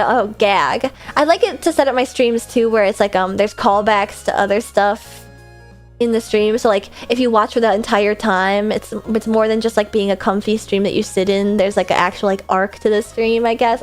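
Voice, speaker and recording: A woman with a slightly high voice talks casually through a live-stream Q&A. She rambles from thought to thought, poking fun at herself, while soft music plays quietly underneath. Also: moderate pace. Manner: chatty, rambling, self-deprecating. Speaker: streamer hosting a viewer Q&A.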